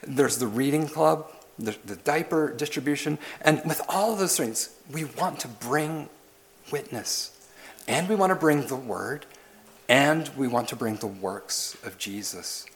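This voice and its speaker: A man's voice: medium pitch, a little slow, slight background noise. A man preaching a sermon as pastor, pressing his listeners with questions and repeated lists. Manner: questioning, building emphasis through repetition.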